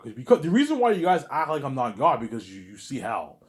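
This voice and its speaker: A man's voice: medium pitch, wildly swooping pitch, fast talker. A young man rambling to camera in a monologue, stammering and repeating himself, trailing off on a mumbled "obviously.". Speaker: vlogger.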